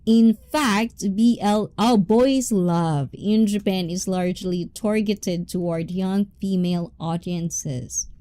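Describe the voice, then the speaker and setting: A young woman chats with her viewers on a livestream, reading their comments aloud and laughing often. Her voice is mellow and her pace is slow and easy. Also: mid-range voice. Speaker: livestream host reading chat. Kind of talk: casual livestream chat.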